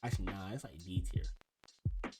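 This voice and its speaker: A man's voice: sits low, fairly quick. Rambling young man over background music. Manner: rambling, trailing off and restarting. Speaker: video creator ranking food. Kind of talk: casual commentary. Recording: music playing behind.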